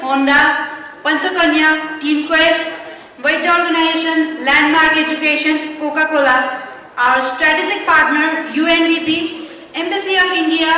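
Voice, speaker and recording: A woman's voice: sits high, sharp tone, a little hiss or hum. A woman giving a formal vote of thanks at an award night, reading out long lists of sponsors and team members. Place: large hotel event hall. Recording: echoey hall, voice from a distant mic.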